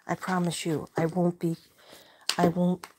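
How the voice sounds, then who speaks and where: A woman's voice: fairly low pitch, level tone, a little slow, background noise. An older woman chatting rambly and casually on a livestream at home at night, often dropping to a near whisper. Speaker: livestream host.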